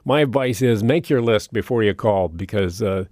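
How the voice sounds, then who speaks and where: A man's voice: lowish voice, normal speed, a little mellow, no echo, clean studio sound. Chuckling radio call-in host, man. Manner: friendly, chuckling, conversational.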